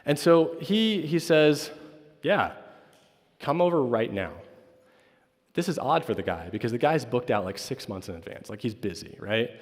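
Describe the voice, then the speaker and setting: A campus pastor tells a personal story at chapel in an informal talk, his medium-pitched voice very animated at a normal pace. He keeps tossing in "right?" and acts out what other people said. The recording carries a long hall reverb.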